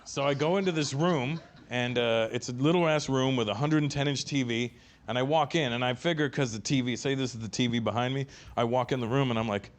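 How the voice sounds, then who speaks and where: Middle-aged man, stand-up comic, animated storytelling, profane, acts out other people's lines. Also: medium pitch, fairly quick. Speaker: stand-up comedian.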